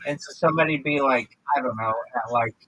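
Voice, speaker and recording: A man's voice: medium pitch, a little fast, sharp tone, no room sound, poor audio. A man hosting a livestream, chatting casually and swearing as he jokes, acting out imagined conversations in different voices. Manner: profane, joking, acts out imagined dialogue. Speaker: livestream host.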